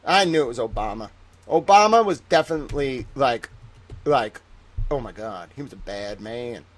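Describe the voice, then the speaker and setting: A man putting on the voice of a grumbling old man who rants about commies in a low, muttering grumble. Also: expressive, moderate pace, lightly acted.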